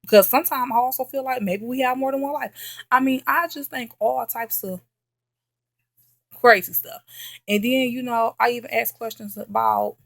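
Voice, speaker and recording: Woman vlogger, mid pitch with some fry, telling a story in an emphatic, repetitive way with lots of "okay?", close and dry sound. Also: normal speed, no echo. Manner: emphatic, repeats herself, checks in with "okay?". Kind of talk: casual late-night storytelling chat.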